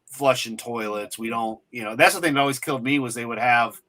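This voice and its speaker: A man's voice: mid-range voice, brisk, sharp tone. A man hosting a podcast, talking in crude, rambling, joking casual chat. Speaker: podcast host.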